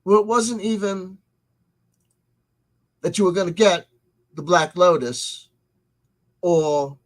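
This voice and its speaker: A man with a voice on the high side hosts a livestream, reading the live chat and offering rambling commentary. He often restarts and repeats his words, and the audio quality is poor.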